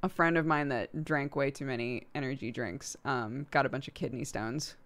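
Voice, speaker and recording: A woman's voice: very deep voice, moderate pace, fairly bright tone. A woman from the United States streaming from home, chatting casually with her chat and laughing often. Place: home streaming setup, lives in England.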